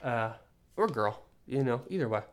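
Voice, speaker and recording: A man's voice: medium pitch, animated, normal speed. A young man hosting a solo podcast, rambling in an exasperated, joking rant with many restarts. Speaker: podcast host.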